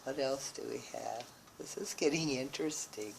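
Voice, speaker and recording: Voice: mid-range voice, normal speed, gravelly, slight background noise, rough recording. A tarot reader working through a card spread, thinking aloud with restarts and often exclaiming in wonder. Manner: musing, with frequent exclamations of wonder.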